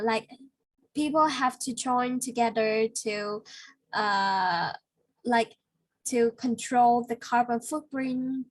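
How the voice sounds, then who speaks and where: A woman teaching an English vocabulary lesson one-on-one, explaining patiently and filling pauses with "like" and "uh". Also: fairly high pitch, no room sound, low-quality recording. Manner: patient explaining with many fillers.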